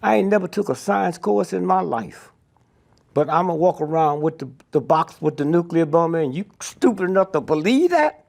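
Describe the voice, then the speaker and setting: Gravelly older man, blunt and profane. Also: a little high, lively intonation, moderate pace, a little mellow. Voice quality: gravelly and husky. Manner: blunt, profane, punctuates with "Huh?". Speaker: interviewee. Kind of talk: profane storytelling interview.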